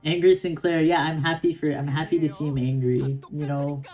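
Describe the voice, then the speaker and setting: A woman's voice: sits low, steady tone, moderate pace, hardly any pauses, warm tone, soft background music. A young woman streamer reading a game story aloud with giggly, chatty reactions.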